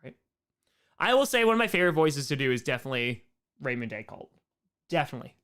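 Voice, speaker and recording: A man with a hoarse, worn-out voice hosting a casual live Q&A, joking and rambling as he reads chat questions. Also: on the high side, lively intonation, quick pace, fairly bright tone. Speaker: live stream host answering chat.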